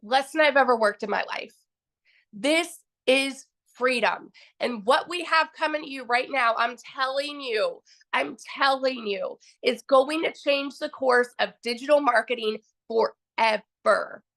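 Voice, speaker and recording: A young woman with a high voice tells her success story in a gushing, emphatic rush, circling back to repeat her key phrases. Her tone rings bright and forward, and she sounds thrilled and fired up the whole way through. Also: moderate pace. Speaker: customer giving a testimonial. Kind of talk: excited personal success story.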